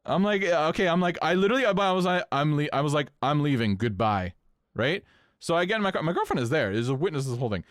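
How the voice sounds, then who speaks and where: Male podcast co-host, lively pitch, dry close sound, storytelling with casual swearing. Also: quick pace, no echo. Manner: animated, swings pitch up when incredulous, swears casually.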